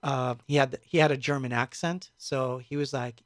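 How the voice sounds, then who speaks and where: A man telling a story in a casual stream, speaking in a halting, reflective way with many fillers. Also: mid-range voice, fairly even intonation, fairly bright tone, dry recording, studio quality. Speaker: musician recounting a tour.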